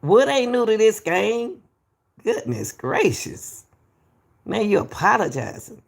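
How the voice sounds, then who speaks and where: Gravelly woman calling people baby. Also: mid-range voice, sing-song, slow. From Atlanta, US. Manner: repetitive, emphatic, calls people baby. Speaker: YouTube commentator. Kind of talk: reaction commentary.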